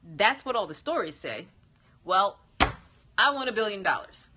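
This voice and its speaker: A man's voice: high-pitched, a little slow, noisy background. Woman reading as a stammering eager young man. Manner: stammering, excitable questions.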